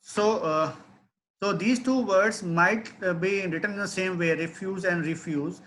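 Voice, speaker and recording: Man, webinar lecturer, high voice, bright tone, explains step by step. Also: unhurried, slight background noise. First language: not English. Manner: explanatory, frequent tag questions. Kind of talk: online technical lecture.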